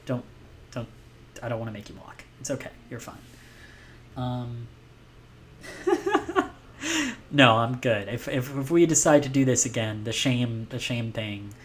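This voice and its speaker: A man commentating a live game stream, playful and excitable, chatting to his viewers. His voice sits at a middle pitch. Faint noise hums behind him. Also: a little slow, pauses often.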